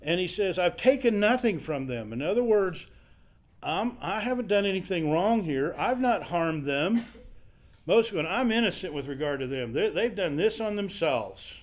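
A man's voice: high-pitched, animated, moderate pace. A man teaching a Bible passage in a conversational sermon, acting out the quoted speakers as he goes.

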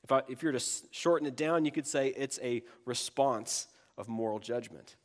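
A man preaching a sermon in a conversational way, breaking into quick impressions of children and adults. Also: medium pitch. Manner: conversational, acts out quoted voices of kids and adults.

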